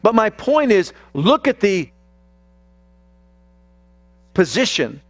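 A man's voice: sits high, big pitch swings, dry recording. A man preaching a sermon, speaking emphatically and addressing the congregation directly. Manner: slow, emphatic, talks straight to the congregation.

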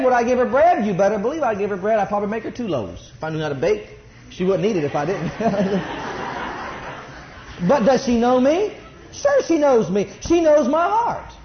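Man, middle-aged preacher, high voice, swooping delivery, dull roomy recording. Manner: preaching, swings between soft asides and rising exclamations. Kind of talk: sermon.

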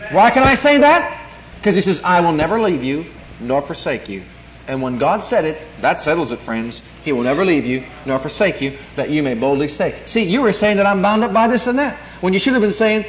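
A man's voice: high-pitched, big pitch swings, a little slow, long pauses. A man preaching a sermon, quoting scripture and repeating key lines with emphasis. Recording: echoey room, 1982 tape.

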